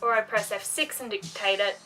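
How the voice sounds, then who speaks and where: A young woman in her twenties vlogging at home, ranting in an animated, profane way with mocking asides. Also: medium pitch, normal speed, distant mic, soft background music, poor audio. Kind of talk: casual ranting vlog. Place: home room by a bookcase.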